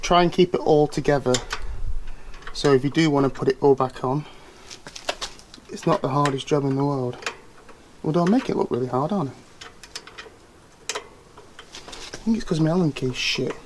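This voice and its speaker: A British man talks through a casual how-to vlog, chatty and wry, tossing in jokey asides. His voice sits a little on the high side. A faint hum of ambient noise runs underneath. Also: moderate pace, long pauses. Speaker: bike reviewer.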